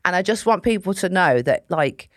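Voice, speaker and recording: A woman's voice: fairly low pitch, expressive, normal speed, no echo, studio quality. A woman comedian chatting as an interview guest, blunt and sweary with a self-mocking edge. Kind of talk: casual chat.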